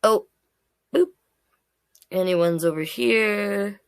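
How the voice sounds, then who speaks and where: A woman's voice: on the low side, moderate pace, gravelly, long pauses, no room sound. A woman, a drag king hosting a casual live-stream storytime, chatty and playful as she greets the kids watching by name.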